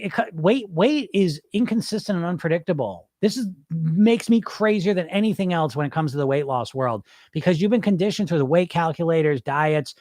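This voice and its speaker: With a voice on the high side, recorded dry in studio quality, a man hosts a live podcast and responds to chat comments. He's blunt and emphatic with his listeners, restating points for effect.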